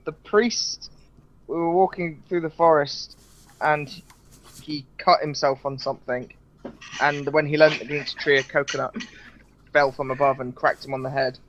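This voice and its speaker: A man's voice: medium pitch, lo-fi sound. A young man playing in a tabletop game, playfully telling his character's story. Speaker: player. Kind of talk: casual group role-play chat.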